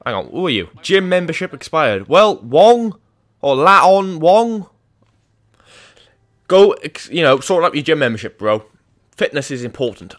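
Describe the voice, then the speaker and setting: A man's voice: fairly high pitch, fairly bright tone. A young man giving crude, joking commentary over a video game, swearing often. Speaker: gaming YouTuber.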